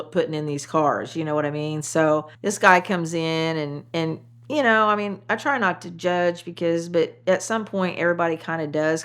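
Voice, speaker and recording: A woman from Indiana who sells cars, telling stories in a casual, animated way and acting out her customers' lines. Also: fairly low pitch. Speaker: car saleswoman. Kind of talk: casual storytelling. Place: Kansas.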